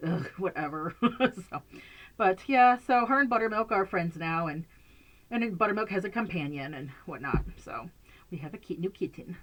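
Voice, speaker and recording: A woman's voice: fairly low pitch, animated, normal speed. A woman chatting casually to camera from a bedroom at home, rambling and laughing often. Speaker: vlogger.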